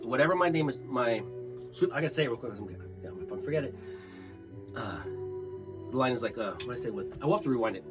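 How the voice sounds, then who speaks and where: A man's voice: medium pitch, expressive, fast talker, long pauses, loud music behind the voice. A man co-hosting a casual comedic chat show who rambles, swears freely and laughs a lot. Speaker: podcast co-host.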